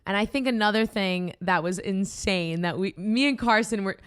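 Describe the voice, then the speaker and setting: Excited young woman with a Boston accent. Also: medium pitch, normal speed, smooth. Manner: excited, rambling storyteller with many fillers. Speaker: podcast host. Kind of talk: casual chat.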